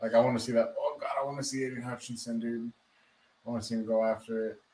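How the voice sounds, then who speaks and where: A man's voice: medium pitch, little pitch movement, fast talker, dark tone, a little hiss or hum, poor audio. A man co-hosting a podcast, laid-back and swearing casually as he chats. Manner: laid-back, swears a lot, says dude. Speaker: podcast co-host. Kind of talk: casual chat. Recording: voice a bit off-mic.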